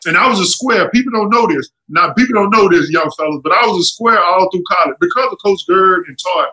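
A middle-aged man with a high, bright voice tells stories in a relaxed chat. He talks with energy and acts out the other people in his stories by shifting his pitch. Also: brisk, low-quality recording. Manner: animated, acts out quotes with jumps in pitch. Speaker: guest telling stories. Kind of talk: casual storytelling.

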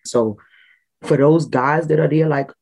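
A woman's voice: low voice, measured pace, slightly rough, poor audio. A middle-aged woman, a bereaved mother, telling her story in raw, emotional testimony. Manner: raw, emotional storytelling with animated quoted voices. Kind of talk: personal testimony.

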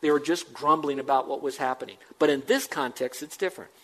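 A middle-aged man preaching a sermon in a conversational way, slowing down to quote scripture and rising to emphatic peaks. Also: medium pitch, a bit bright, rough recording. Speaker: pastor.

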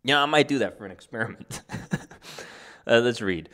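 A male commentator with a medium-pitched voice, talking in a rambling, sarcastic way. He restarts his sentences and breaks into chuckles as he argues. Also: expressive, brisk, a bit bright. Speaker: political commentator. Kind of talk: opinion commentary.

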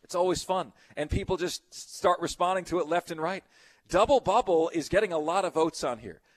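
A middle-aged man hosts a sports radio show with easy, rambling chatter. His voice sits a little high for a man. He riffs casually on listener messages. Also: brisk.

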